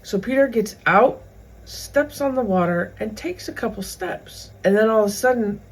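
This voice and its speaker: A woman hosts her own faith video series and retells a scripture passage in plain everyday words. Her voice is gravelly with a husky edge, and she keeps stopping for casual asides to the viewer. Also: medium pitch, lively intonation, moderate pace, rough recording. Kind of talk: casual Bible teaching.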